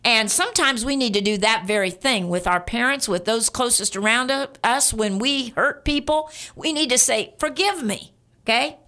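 A woman preacher delivers a sermon in a bright, somewhat high voice. She speaks earnestly and directly to her listeners. She repeats her key points for emphasis. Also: normal speed, few pauses.

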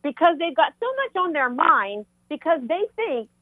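An older woman with a Southern US accent, sharing animated faith testimony on a talk show. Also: high-pitched, normal speed, no echo. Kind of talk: Christian talk show chat. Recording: tinny phone-like line.

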